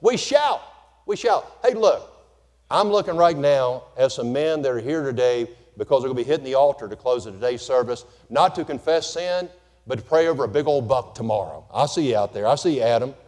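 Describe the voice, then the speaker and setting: Folksy preacher in a reverberant church. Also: male voice, mid-range voice, fast. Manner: folksy, animated preaching with humor. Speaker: pastor. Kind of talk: sermon. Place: church sanctuary. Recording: long reverb of a church hall.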